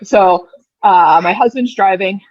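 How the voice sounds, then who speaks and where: A woman in her thirties tells a personal story in a casual, animated way. She stumbles over repeated words as she hurries on, and her middle-pitched voice comes through a dull, dry, lo-fi recording. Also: dry recording. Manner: animated, repeats words when rushing, acts out quoted dialogue. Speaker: podcast guest sharing her birth story.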